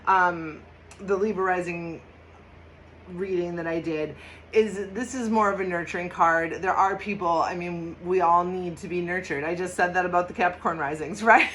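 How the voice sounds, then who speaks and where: Woman host, casual tarot reading, chatty and emphatic, a touch low-pitched, faint room noise behind. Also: fairly even intonation, normal speed, low-quality recording. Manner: chatty and emphatic, laughs often, bursts into loud mock shouts.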